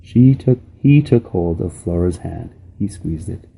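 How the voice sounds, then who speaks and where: A man reading a children's novel aloud in a steady, unhurried storybook manner. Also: low-pitched, gravelly, husky. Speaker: reader.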